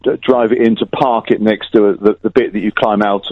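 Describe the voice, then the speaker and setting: A man's voice: on the low side, steady tone, brisk, dry recording. Male phone-in caller, rambling chatty storyteller, tinny phone sound, dry.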